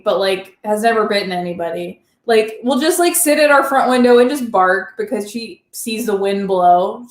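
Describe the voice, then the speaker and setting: A woman's voice: medium pitch, roomy sound. A woman hosting a casual chat, talking loosely with a lot of "like" and laughing easily. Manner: chatty, lots of "like", laughs easily. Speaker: channel host.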